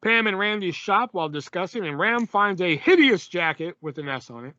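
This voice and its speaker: A man's voice: high voice, lively intonation, moderate pace, sharp tone, no room sound, highs cut off. A man co-hosting a podcast, casually recapping a film with lots of fillers and laughs. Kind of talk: casual chat.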